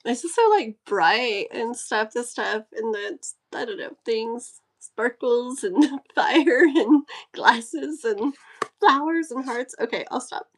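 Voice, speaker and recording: Woman live-stream host, casual card-reading chat, giggly and effusive, higher pitch. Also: takes it slowly. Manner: giggly, gushing and easily excited.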